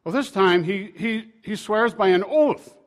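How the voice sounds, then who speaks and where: Retelling scripture in a homespun, chatty style, this preacher lurches abruptly from loud to soft. He speaks unhurriedly in a voice that sits high.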